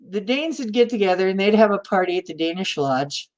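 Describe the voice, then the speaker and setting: A radio-trained woman with a flat Midwestern announcer accent, hosting a casual livestream and chatting with viewers as she reads their comments, laughing often. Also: medium pitch, a little fast, few pauses. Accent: flat Midwestern American, announcer style. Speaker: host of a spiritual livestream.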